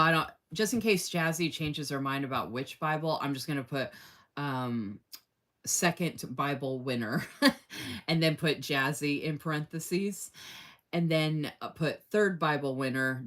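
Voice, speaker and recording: A woman's voice: deep voice, a bit bright. A woman hosting a casual live stream, chatty and effusive, laughing often and reading viewer comments aloud. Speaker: live-stream host running a giveaway.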